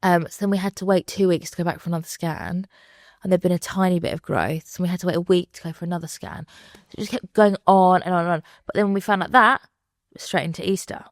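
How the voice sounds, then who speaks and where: A woman in her thirties guests on a podcast, chatting candidly with lots of fillers and acting out the voices of people who spoke to her. Her voice is fairly low, steady in tone and quick. The studio-quality recording has no echo.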